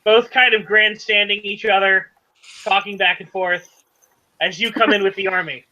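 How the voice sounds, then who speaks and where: A man running a tabletop game as game master, explaining rules haltingly with many fillers. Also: high voice, steady tone, pushed and bright, highs cut off.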